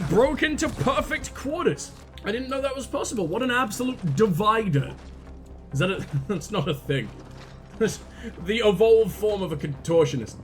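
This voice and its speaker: Young male let's-play host, high voice, crude jokes, bursts of shouting, soft game music under him. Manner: crude, joking banter with frequent laughs and sudden shouts. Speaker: gaming video host.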